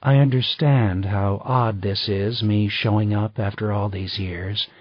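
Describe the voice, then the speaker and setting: Guy doing a chatty lady travel writer, a bit higher and husky, dull dry sound. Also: fairly even intonation, a little slow, no echo. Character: poised female travel writer, chatty and smooth. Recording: slightly dull dry recording.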